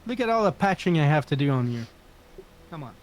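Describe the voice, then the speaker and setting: A man's voice: fairly high pitch, very animated, brisk. A man playing a tabletop role-playing game, coaxing and upbeat as he speaks in and out of character. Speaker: player.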